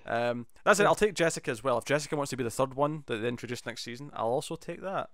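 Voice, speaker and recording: A man talks through an episode with his co-host in lively, animated bursts, jumping into little acted-out lines along the way. His voice comes through smooth and clean on a close, dry mic with almost no room sound. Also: medium pitch, quick pace, dry recording. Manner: animated, enthusiastic, quotes scenes in bursts. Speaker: podcast co-host. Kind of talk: casual chat.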